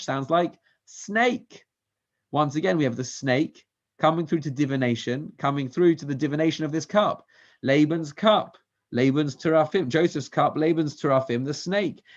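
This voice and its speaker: Guy teaching torah to a group, kinda high voice, dull lo-fi sound, keeps asking them questions. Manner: mixes Hebrew verses with English. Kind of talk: Torah study class. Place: synagogue class. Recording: dull lo-fi recording.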